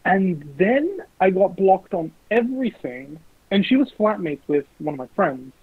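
A young man with a slightly higher voice, husky and a little rough, tells lively anecdotes full of swearing and quick impressions. The sound is dry and narrow, like a phone line. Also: no room sound. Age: young adult. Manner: animated, swearing, mimics voices in quotes. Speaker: guest. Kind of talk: casual storytelling. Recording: lo-fi phone-like recording.

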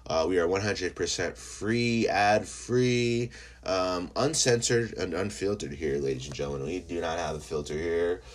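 A young man hosting a casual solo podcast who is high, rambling and swearing freely between fillers. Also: normal speed. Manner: rambling and profane, full of fillers. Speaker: podcast host.

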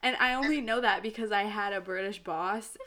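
Brief: woman podcast co-host, giggly animated storyteller, bright tone. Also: medium pitch, fairly quick. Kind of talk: casual chat.

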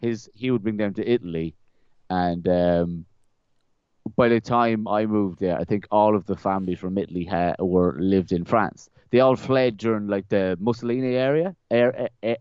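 A young man talks in a low, smooth voice, loosely telling stories and repeating himself as he goes. The sound is dry and a little dull, close to the mic. He laughs easily between thoughts. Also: normal speed, no echo. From Ireland. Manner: rambling, repeats words, laughs often. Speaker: podcast guest. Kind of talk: casual conversational storytelling.

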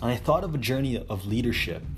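A man at an ordinary mid pitch tells a motivational story, looping back over the same phrases. He keeps repeating himself and pushes hard on key words, rambling with sudden emphatic bursts. Soft music plays faintly underneath. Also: lively intonation, fast. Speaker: motivational speaker.

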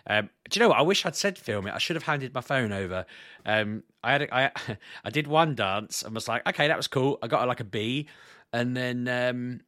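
A man's voice: mid-range voice, lively intonation, normal speed, pushed and bright, no room sound. A man co-hosting a podcast, chatting casually and telling rambling stories with restarts and laughs. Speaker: podcast co-host. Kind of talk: casual chat.

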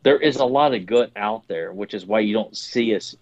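A man co-hosting a podcast over a video call, rambling with halting restarts and casual swearing. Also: fairly low pitch, no room sound, lo-fi sound. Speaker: podcast co-host. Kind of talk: casual chat.

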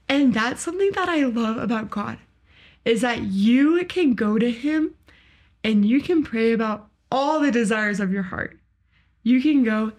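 A young woman co-hosting a podcast, sharing faith in an earnest, heartfelt casual chat full of "like" fillers. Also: on the high side. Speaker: podcast co-host.

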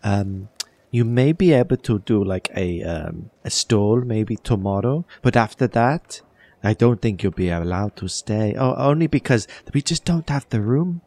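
A man's voice: on the low side, expressive, measured pace, warm tone, no room sound. A man voicing a fussy, over-polite townswoman who rambles and stumbles over her words. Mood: fussy chatty. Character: chatty fussy woman of the town.

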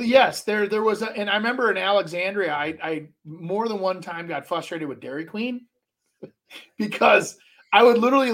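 A middle-aged man with a notably high-pitched voice talks in loose, rambling stories. He trips over his own starts and then barrels on as a podcast co-host. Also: fairly bright tone. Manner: rambling storyteller, many restarts. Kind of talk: casual chat.

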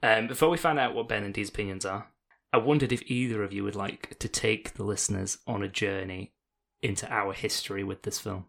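A man's voice: on the low side, steady tone, a little fast, vocal fry, fairly bright tone. A British man hosting a casual podcast, reading a news segment with jokes and frequent laughs. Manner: laughs often, reads notes with jokes.

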